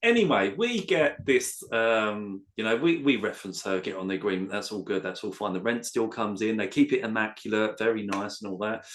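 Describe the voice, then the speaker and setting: A man, a letting agent, telling a workplace anecdote in a casual, animated way and acting out quotes. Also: on the low side, brisk, hardly any pauses. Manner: animated storyteller, acts out quotes.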